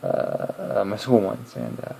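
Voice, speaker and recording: A young man chatting casually to camera, rambling and hesitant, with many pauses and restarts. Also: on the low side, fairly even intonation, vocal fry, mellow, slightly rough, poor audio. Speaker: video creator.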